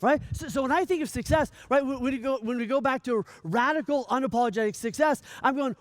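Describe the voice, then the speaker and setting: High-voiced energetic male coach. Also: fairly quick, hardly any pauses, dry recording. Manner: energetic, repeats "right?" often, stammers on restarts; acts out dialogue in lively voices. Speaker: coach giving a summit speech. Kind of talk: motivational talk.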